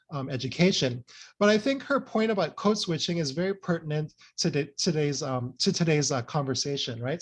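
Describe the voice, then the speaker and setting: A man with a somewhat high-pitched voice delivers an academic presentation. He explains each point earnestly and often checks in with his listeners with "right?" and "you know.".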